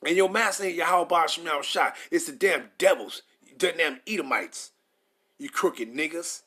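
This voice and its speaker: A man's voice: on the high side, a little slow, sharp tone, slightly rough. A man preaching a confrontational sermon, reading verses aloud then ranting at listeners with heavy profanity and frequent stumbles. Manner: stumbles over words.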